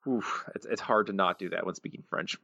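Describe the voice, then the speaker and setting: A man's voice: sits low, steady tone, brisk, gravelly, bright, forceful tone, no echo. A man co-hosting a podcast, reading listener quotes aloud in a joking, opinionated way. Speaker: podcast co-host. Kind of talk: casual podcast chat.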